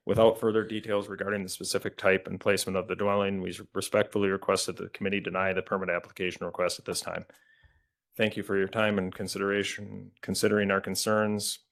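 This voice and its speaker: A man reads letters into the record at a public meeting. His voice is very low and gravelly, and his delivery stays flat and even, with small stumbles here and there. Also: quick pace. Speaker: committee staff reading correspondence. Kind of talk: reading letters aloud at a meeting.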